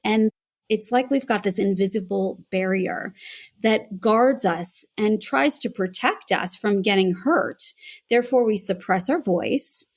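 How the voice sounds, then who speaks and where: A woman's voice: medium pitch, unhurried, husky. An American woman, a voice coach, earnestly telling her story as a podcast guest. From United States. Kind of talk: podcast interview.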